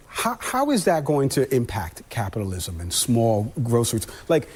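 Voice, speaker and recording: A husky-voiced man arguing on a cable news panel. He talks earnestly in long stretches, restarting phrases as he goes. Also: medium pitch, darkish tone. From New York. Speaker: TV panel commentator.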